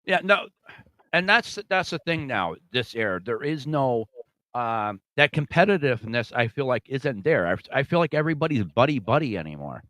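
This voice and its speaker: Man co-host with a lively pitch. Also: normal speed, no echo. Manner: laughs often, short agreeing replies. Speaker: podcast co-host. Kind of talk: casual sports chat.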